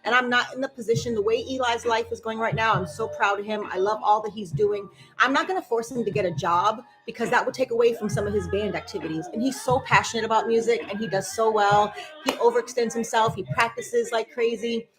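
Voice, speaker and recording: A woman's voice: a little high, brisk, rough recording. A woman, chatting animatedly with her dance fitness class and telling stories. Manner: chatty, animated storytelling with whoops and laughs. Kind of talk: casual chat to a live class. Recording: music playing behind.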